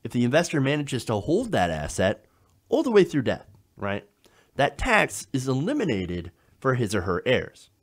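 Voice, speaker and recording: A man's voice: mid-range voice, huge pitch swings, normal speed. A man hosting a political commentary show, explaining in an emphatic style and often checking in with the listener. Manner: emphatic, explanatory, frequent "now" and "okay?" checks.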